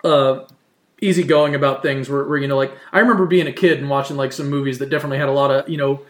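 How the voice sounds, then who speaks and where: A man's voice: medium pitch, steady tone, fast, fairly bright tone. A man in his thirties from New Jersey, chatting casually and rambling with lots of "you know" and "like". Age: 30s. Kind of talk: casual chat. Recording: roomy echo.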